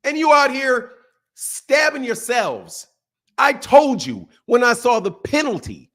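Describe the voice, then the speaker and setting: A middle-aged man rants as host of his boxing show, mocking his critics with a steady stream of profanity. His voice sits fairly high and leaps around in pitch, swinging from loud outbursts to muttered asides. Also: takes it slowly. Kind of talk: ranting commentary.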